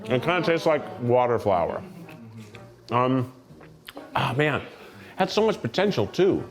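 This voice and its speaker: A Tennessee man hosts a food tasting in an office, joking and reacting playfully as he eats. His medium-pitched voice is sing-song and a little slow.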